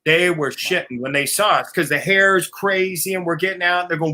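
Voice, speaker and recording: A man's voice: high-pitched, expressive, normal speed, bright, forceful tone. A man telling wild road stories on a casual live video call, laughing often, swearing freely and acting out other people's voices. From family from Oklahoma.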